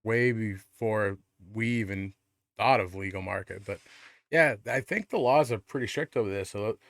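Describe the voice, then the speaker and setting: Low-voiced man in casual podcast chat. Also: moderate pace, fairly bright tone, dry recording, clean studio sound. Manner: rambling, swears often, restarts. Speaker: podcast co-host.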